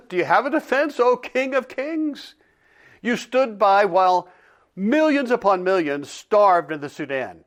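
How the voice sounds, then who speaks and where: Bitter, mocking accuser, read by a man, lively and high-pitched, sarcastic. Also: unhurried. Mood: accusing. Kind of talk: dramatic reading of a dialogue.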